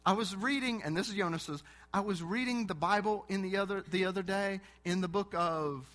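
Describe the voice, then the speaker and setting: A man's voice: high voice, a little fast, a bit bright. Earnest man preaching a sermon. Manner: earnest, storytelling with direct appeals to the church.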